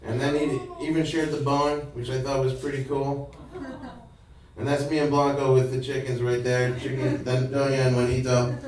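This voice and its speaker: A man's voice: medium pitch, level tone, normal speed, a little mellow. A man telling a comic personal story on stage, chatty and laughing at his own jokes. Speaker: stand-up comedian. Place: live venue with audience. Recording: echoey room, distant mic, crowd laughter.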